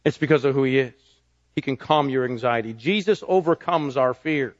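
A man preaching a sermon, swinging between ringing, raised declarations and soft, low asides. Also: normal speed, no room sound, dull audio. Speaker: pastor.

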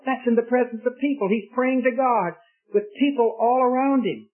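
A man's voice: extremely high pitch, moderate pace. A man preaching a sermon in an earnest, emphatic way, putting questions straight to his listeners. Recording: tinny lo-fi radio broadcast.

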